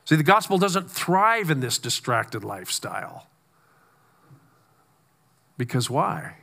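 A man preaching a conversational sermon, with stammered restarts and slow, weighty emphasis on key words. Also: medium pitch, very animated, creaky, sharp tone. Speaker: pastor.

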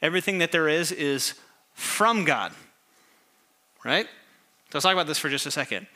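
A man preaching a sermon as pastor, asking the congregation questions and reading scripture slowly with emphasis. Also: fairly high pitch, lively intonation, sharp tone. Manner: call-and-response questions to congregation.

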